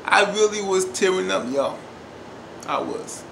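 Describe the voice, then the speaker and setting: A man's voice: high-pitched, expressive, a little slow, vocal fry. Man reviewing a TV episode in casual chat, emphatic and repetitive, recorded in an echoey room with noise underneath. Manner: emphatic, repetitive, often says "y'all". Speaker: TV show reviewer.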